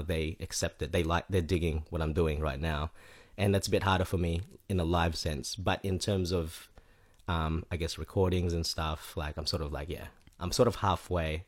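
A man chatting casually as a podcast guest, rambling and correcting himself with lots of fillers. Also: sits low. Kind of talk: casual chat.

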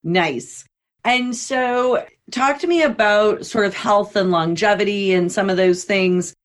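A woman's voice: medium pitch, unhurried. A woman hosting a podcast interview. She keeps affirming the guest with short "right"s and asks open questions. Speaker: podcast host. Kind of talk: interview chat.

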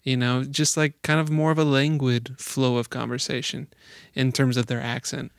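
Easygoing gravelly man from Chicago. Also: medium pitch, little pitch movement, normal speed, no room sound, clean studio sound. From Chicago area. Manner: easygoing, laughs often, frequent "like" and "you know". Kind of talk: casual chat.

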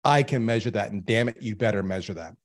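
A man's voice: on the low side, fast talker. A man in his fifties, a podcast guest telling stories emphatically and speaking straight to listeners. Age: 50s. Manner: emphatic, animated storyteller who addresses listeners directly. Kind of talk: storytelling in a podcast interview.

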